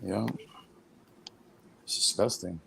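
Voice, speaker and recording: A man's voice: sits low, steady tone, slow, vocal fry, fairly bright tone, slight background noise, rough recording. A man chatting casually in a laid-back, mumbling way. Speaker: chat guest. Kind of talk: casual group chat.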